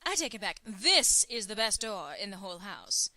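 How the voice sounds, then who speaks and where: A woman voicing a wry, rambling male gentleman thief in a put-on English accent that wavers, speaking his lines with dry, self-mocking humor in a game. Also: mid-range voice, sing-song, normal speed, dry recording, heavily acted. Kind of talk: in-character game voiceover.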